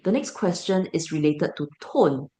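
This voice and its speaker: A woman's voice: low voice, animated, moderate pace, warm tone. Singaporean woman teaching English. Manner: explanatory, asks the class rhetorical questions. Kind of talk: online class teaching.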